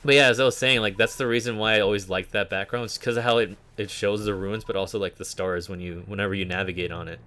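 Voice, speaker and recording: A man's voice: fairly low pitch, steady tone, fast, hardly any pauses, pushed and bright, slight background noise. A man streaming a game, rambling casually with many fillers and reading game text aloud. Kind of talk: casual gameplay commentary.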